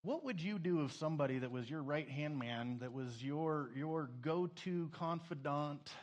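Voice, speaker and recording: A man preaching a sermon, emotional, swinging between loud emphasis and a soft hush, tearful at moments. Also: fairly high pitch, measured pace. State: crying. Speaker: pastor.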